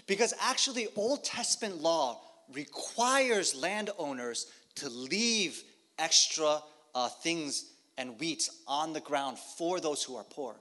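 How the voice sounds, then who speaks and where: Male preacher with a slightly raised pitch, telling the story in short lines and pausing for his interpreter. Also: animated, sharp tone. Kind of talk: sermon with live interpretation.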